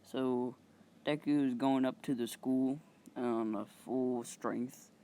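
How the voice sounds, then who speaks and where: A male channel host casually improvising a story, halting and rambling with many fillers and some mild swearing. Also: medium pitch, fairly even intonation, warm tone.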